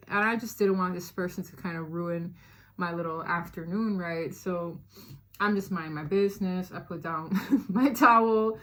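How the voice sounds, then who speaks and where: Brief: woman, lowish voice, chatty storytime vlogger, lots of "like" and "y'all". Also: measured pace. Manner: animated, chatty, many fillers, addresses listeners as y'all. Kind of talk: casual storytime chat.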